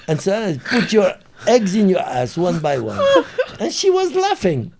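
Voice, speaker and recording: A man with a French accent, a native French speaker, telling a story as an interview guest in an animated way and pausing to search for English words. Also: high voice, noisy background.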